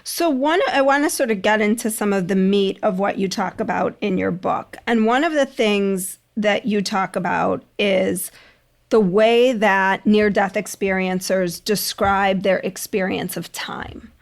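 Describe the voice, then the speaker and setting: A woman of middle pitch hosts a podcast interview. She speaks in an animated, thinking-aloud way, often restarting her sentences and affirming her guest. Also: measured pace. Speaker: podcast host.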